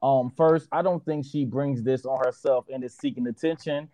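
A man calling in to a talk show, giving gossip commentary in a measured tone that turns crude and playful. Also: mid-range voice, steady tone, dark tone, dry recording.

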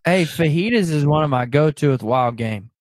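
A man's voice: on the high side, animated, moderate pace, no room sound. A man hosting a podcast in casual chat, making his points in an emphatic, preachy way. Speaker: podcast host.

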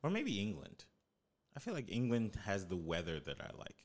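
Lively low-voiced man asking questions. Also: normal speed. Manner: curious, asks many questions. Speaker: podcast co-host. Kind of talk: casual chat.

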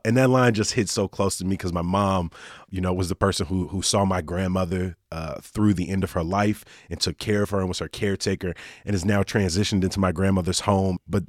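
A man's voice: deep voice, dry recording, clean studio sound. A man hosting a local news podcast in an easygoing, casual way. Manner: relaxed, easygoing, says y'all and uh often. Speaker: podcast host.

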